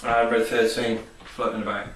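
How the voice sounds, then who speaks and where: Enthusiastic rambling male vlogger, mid pitch; off-mic in an echoey room with faint hiss. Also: level tone, normal speed, fairly bright tone, far from the mic. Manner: rambling, enthusiastic, many fillers. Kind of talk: casual film and game review.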